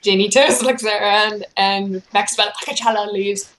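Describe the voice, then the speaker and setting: A woman's voice: mid-range voice, fairly even intonation, normal speed, fairly bright tone, low-quality recording. A woman casually narrating a fanfic aloud, with giggly asides. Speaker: fanfic reader.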